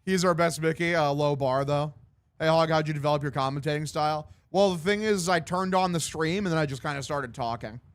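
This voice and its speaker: A man's voice: fairly high pitch, fairly quick. A young man hosting a livestream, giving loose, joking play-by-play of a baseball game and swearing freely. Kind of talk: casual live-stream commentary.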